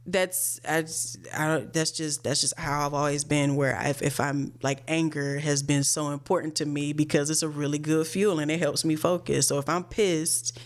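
A woman's voice: deep voice, steady tone, normal speed, few pauses. A young woman in casual conversation, venting bluntly with plenty of profanity. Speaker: guest, video creator. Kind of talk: casual chat.

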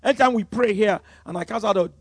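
Male pastor, high husky voice, emphatic sermon delivery. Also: fast talker, dry recording. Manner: emphatic, swinging from loud exclamations to hushed storytelling.

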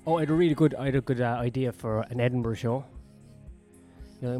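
A man's voice: mid-range voice, fast, pauses often, mellow, faint music behind. A man ranting in a sweary, sardonic, rambling monologue as a comedian vlogging on his own.

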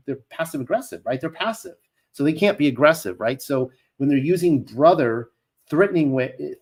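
A man teaching a Bible lesson, reading scripture aloud and breaking off into conversational commentary full of asides and restarts. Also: mid-range voice.

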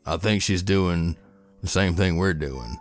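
A man's voice: low-pitched, unhurried, soft background music. A man voicing a blunt, impatient male ogre in a tabletop game who talks grudgingly. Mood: gruff.

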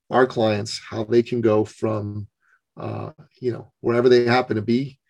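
Gravelly-voiced man telling a story. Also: medium pitch, darkish tone, low-quality recording. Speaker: podcast guest, business coach. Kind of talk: storytelling in an interview.

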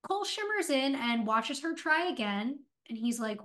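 Higher-voiced woman retelling a scene. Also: unhurried, few pauses. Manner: lively retelling, paraphrases dialogue with "he's like". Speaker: podcast co-host. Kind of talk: casual TV episode recap chat.

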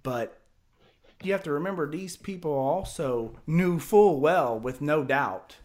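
A man telling a story on a casual podcast, animated and profane, often stammering and repeating words. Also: fairly high pitch, a little slow.

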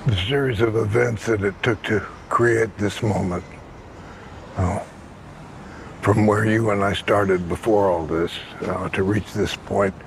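An actor playing a grave older man in a TV thriller, speaking slowly and portentously. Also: on the low side, steady tone, creaky, a little hiss or hum, low-quality recording. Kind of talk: TV drama dialogue.

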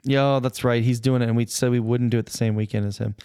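A man's voice: mid-range voice, fairly even intonation, fast talker, warm tone, clean tone, dry recording, studio quality. A man co-hosting a podcast, telling rambling stories in casual chat, swearing and laughing often. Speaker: podcast co-host.

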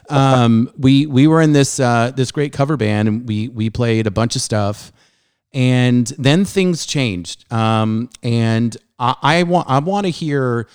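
A man's voice: mid-range voice, darkish tone, clean tone, no room sound, clean studio sound. A middle-aged man hosting his music show, chatting eagerly with an old friend and rambling with many restarts and fillers. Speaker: podcast host. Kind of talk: casual chat.

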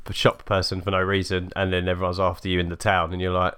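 A man's voice: deep voice, completely flat delivery, fast talker, a bit bright, a little hiss or hum. A man co-hosting a podcast in casual chat. He chats freely and reacts often to stories. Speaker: podcast co-host.

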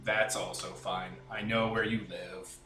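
A deadpan former arena fighter, voiced by a man running a tabletop game, talks in a low, flat monotone with a quiet hint of threat. The voice sounds distant and roomy, with a faint hiss behind it. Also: measured pace, natural voice. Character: monotone male ex-arena fighter crewman, menacing.

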